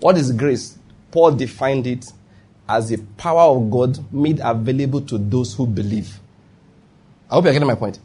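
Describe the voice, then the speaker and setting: Husky Nigerian pastor preaching emphatically. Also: male voice, medium pitch, normal speed, dark tone. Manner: emphatic, keeps asking if listeners follow. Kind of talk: sermon.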